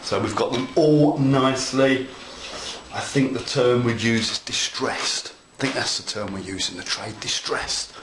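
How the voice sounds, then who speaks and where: A model railroad hobby instructor gives a casual hands-on tutorial, chatting playfully and enthusiastically as he walks viewers through his work. His mid-range voice is a little slow, and the room is echoey with faint noise.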